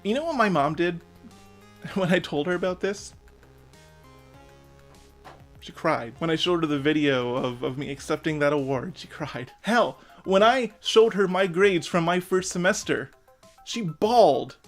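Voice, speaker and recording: A man's voice: a little high, expressive, a little slow, pauses often, faint music behind. A man in his thirties giving an earnest, emotional personal rant as a vlogger, swearing now and then. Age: 30s.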